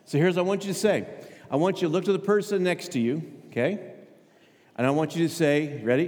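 A man's voice: on the high side, fairly quick, darkish tone. Man preaching in an echoing church. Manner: conversational, asks the congregation questions, repeats words. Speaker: pastor. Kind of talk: sermon. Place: church sanctuary. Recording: hall with long reverb. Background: long hall reverb.

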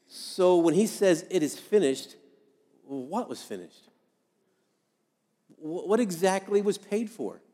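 Male pastor, fairly high voice, conversational sermon with repeated phrases, long hall echo. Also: darkish tone.

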